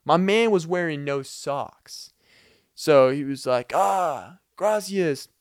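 A man's voice: a little high, slow pace, smooth, dry recording, studio quality. A young man hosting a podcast, telling a rambling comedic story full of fillers and little laughs. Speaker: podcast host.

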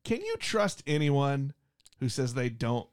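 A man's voice: mid-range voice, huge pitch swings, measured pace, clean tone. A man hosting a podcast interview, enthusiastic and repeating words as he starts his questions. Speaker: podcast host. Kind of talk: casual interview.

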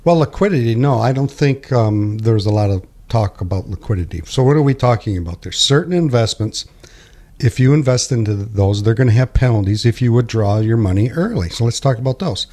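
A man working as a financial advisor, explaining money matters in a plain-spoken, steady conversational way on a talk show. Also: mid-range voice, a little fast.

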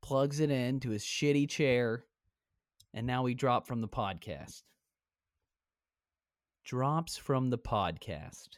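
A man in his twenties hosts a podcast, recording virtually from home on a headset with brash, teasing, casual chatter full of swearing. He speaks slowly at medium pitch with long pauses, and the sound is studio quality with no room tone.

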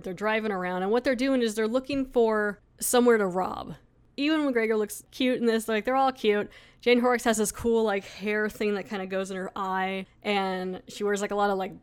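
A woman's voice: medium pitch, smooth. A woman talks through a TV episode on her casual review podcast. She rambles in a chatty way, full of fillers, in an ordinary mid-range voice. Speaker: podcast host.

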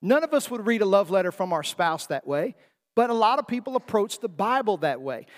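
A man's voice: high voice, very animated, a little fast. A man preaching a sermon in a folksy, emphatic way, asking his listeners rhetorical questions. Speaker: pastor. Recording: long hall reverb.

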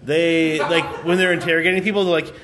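A man chats loosely on a podcast, his voice sitting a little high. He halts, restarts and loses his thread, laughing as he goes. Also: steady tone, a crowd in the background. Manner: halting, restarts, trails off and laughs. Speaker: podcast host. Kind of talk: casual rambling chat.

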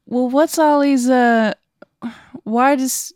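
A woman's voice: high-pitched, unhurried, warm tone, no echo, studio quality. A woman playing a tabletop game, speaking hesitantly and trailing off. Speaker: player.

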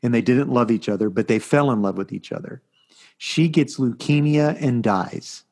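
A middle-aged man co-hosting a casual chat podcast, telling stories in an animated, rambling way. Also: medium pitch, normal speed, gravelly. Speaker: podcast co-host.

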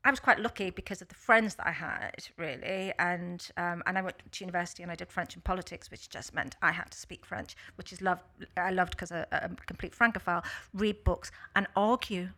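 A middle-aged woman with a Liverpool accent talks as a guest in a casual interview. Her voice sits low for a woman but sounds bright and forward. She rambles warmly through fillers and jokes at her own expense. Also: a little fast, hardly any pauses. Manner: chatty, self-deprecating, many fillers.

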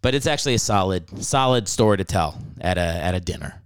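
A young man riffs through a comedic solo podcast in an irreverent, rambling way, swearing freely. His voice swings up and down a lot and stays smooth and clear. The mic is close and the sound is dry. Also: low voice, animated, brisk, no room sound. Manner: irreverent, rambling, profane asides. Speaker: podcast host.

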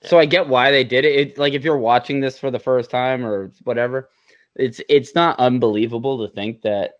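A young man co-hosting a podcast, chatting casually about a film, animated and profane, with lots of swings in his voice. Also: mid-range voice, normal speed, lo-fi sound. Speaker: podcast co-host. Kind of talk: casual film-review chat.

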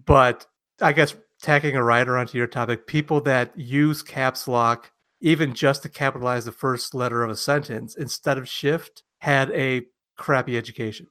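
A man co-hosting a podcast in casual banter, animated and quick to laugh, often slipping into mocking quoted voices. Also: mid-range voice. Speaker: podcast co-host.

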